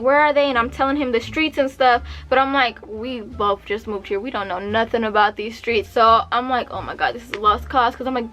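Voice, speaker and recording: A young woman in her twenties telling a story in a casual vlog, acting out the lines of the people in it. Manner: animated, acts out quotes with pitch jumps.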